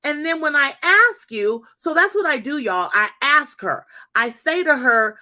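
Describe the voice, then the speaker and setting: A woman's voice: high voice, lively intonation, a little slow, sharp tone. A woman in her fifties hosting a faith talk, telling a story to her listeners with emphatic repetition and calling them y'all. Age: 50s. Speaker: host.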